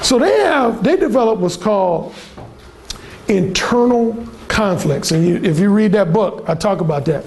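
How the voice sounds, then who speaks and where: A man's voice: high voice, lively intonation, normal speed, darkish tone, slight background noise. A man giving a workshop presentation in a blunt, emphatic way. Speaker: workshop speaker. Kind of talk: seminar presentation. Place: conference room.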